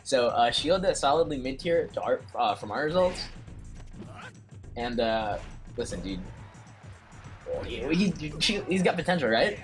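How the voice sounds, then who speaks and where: A young man casually commentating a computer fighting game tournament, excitable and slangy, swearing often. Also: medium pitch, a little slow, pauses often, faint music behind. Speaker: stream commentator.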